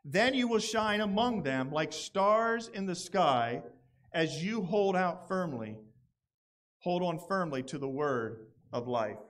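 A man with a high, light voice preaching a sermon to a congregation. He talks in an animated way and stays conversational, breaking now and then into playful quoted voices. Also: slow. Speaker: pastor. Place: church gathering outdoors.

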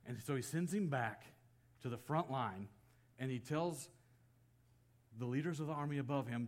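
A man preaching, retelling an old story with lots of expression. He acts out each quoted line, getting loud and high for outbursts and dropping to a near hush for the solemn parts. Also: normal speed, long pauses. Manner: storytelling, acting out quoted lines with swings of pitch and loudness. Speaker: pastor. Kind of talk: sermon.

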